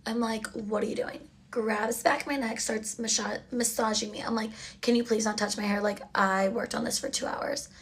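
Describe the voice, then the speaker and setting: A young woman casually telling a storytime while getting ready, chatty and exasperated, dropping to a low mutter for asides. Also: steady tone, normal speed, few pauses, slightly rough.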